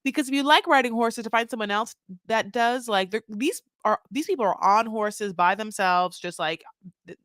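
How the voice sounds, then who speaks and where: A woman's voice: fairly high pitch, normal speed, fairly bright tone, no echo, clean studio sound. A woman co-hosting a casual recap podcast, chatty and rambling, often jumping in with short replies. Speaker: podcast co-host.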